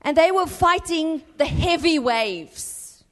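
High-voiced woman preaching in echoing church. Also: expressive, takes it slowly. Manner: impassioned, rising to urgent exhortation and dropping to hushed tones. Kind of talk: sermon.

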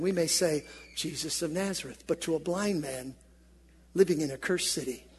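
A man preaching a sermon, sliding from hushed low storytelling to loud shouted peaks and having the congregation repeat lines after him. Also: husky, big-room sound. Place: church.

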